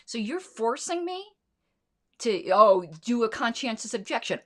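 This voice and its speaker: A woman's voice: a little high, big pitch swings, measured pace. A middle-aged woman hosting a solo commentary show, talking in an indignant, sarcastic way and swearing freely. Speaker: podcast host.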